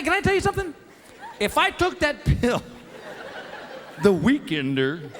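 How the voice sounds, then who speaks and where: High, lively middle-aged male comedian. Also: long reverb tail. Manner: animated, self-mocking storyteller. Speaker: stand-up comedian. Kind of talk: stand-up comedy. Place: stage before a live audience. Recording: live show with crowd laughter and noise.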